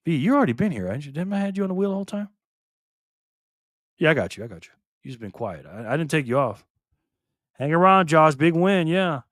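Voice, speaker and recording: A man's voice: fairly high pitch, no room sound, studio quality. Chatty older man hosting a live stream. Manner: chatty, excitable, laughs often. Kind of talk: casual live stream chat reading comments aloud.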